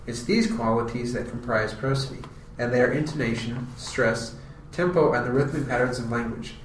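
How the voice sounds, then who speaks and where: A man reading a scripted class presentation in a steady, explanatory way. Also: mid-range voice, moderate pace, reverberant, far from the mic, slight background noise, poor audio. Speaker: student presenter.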